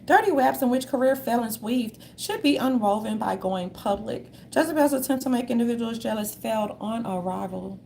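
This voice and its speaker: A woman in a casual monologue, reading from notes in a sassy manner and calling listeners darlings, with a gravelly voice. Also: a little high, lively intonation, normal speed, hardly any pauses, a little mellow, slight background noise.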